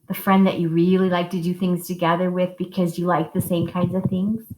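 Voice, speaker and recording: A woman's voice: level tone, background noise. A woman music teacher telling a story to young children and leading simple call-and-response singing, encouraging and sing-song. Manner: slow, sing-song and encouraging, modeling high and low notes for kids. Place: school music room. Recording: echoey classroom.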